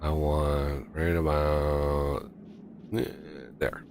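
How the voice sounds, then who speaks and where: Deep-voiced, slow-paced male game streamer, casual, thinking out loud. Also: monotone, background noise. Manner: thinks aloud, counts off steps while building. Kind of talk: casual multiplayer gameplay chat.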